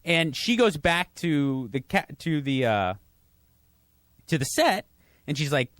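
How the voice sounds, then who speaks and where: A middle-aged man chatting as a podcast guest, telling stories in a halting, self-deprecating way with many restarts. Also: a little high, animated, fairly bright tone, dry recording, studio quality. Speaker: guest, radio host. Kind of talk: casual podcast chat. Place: studio.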